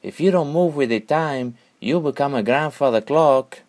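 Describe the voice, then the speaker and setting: A man's voice: mid-range voice, normal speed, darkish tone, pitched above the performer's own voice, close to an everyday voice. A man voicing a tall, mustached, laid-back pool player with a put-on thick Mongolian accent, talking mildly and unbothered. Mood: easygoing. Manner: mild, sighing, unbothered.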